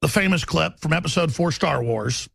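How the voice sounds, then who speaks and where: Brief: gravelly male talk radio host, forceful monologue, sharply shifting pace. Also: on the high side, lively intonation, moderate pace, no room sound. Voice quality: raspy.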